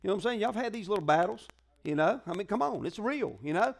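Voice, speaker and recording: High-voiced man preaching conversationally. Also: animated, fast talker, gravelly. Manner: conversational, call-and-response preaching with colloquial asides. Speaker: pastor. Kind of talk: sermon.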